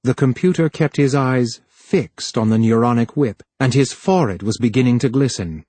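A man reading a novel aloud in a measured, even way, as scripted narration. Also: mid-range voice, dry recording. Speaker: audiobook narrator.

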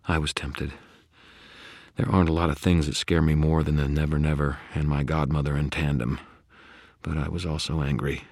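A man narrating a first-person fantasy audiobook in a measured, dramatic way. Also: extremely low pitch, flat delivery, a little mellow, no echo, clean studio sound.

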